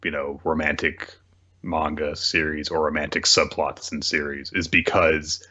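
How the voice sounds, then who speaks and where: A man's voice: very deep voice, level tone, a little slow, bright, forceful tone, lo-fi sound. A man co-hosting a casual recap chat, chuckling as he adds details and corrects his co-host. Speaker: podcast co-host.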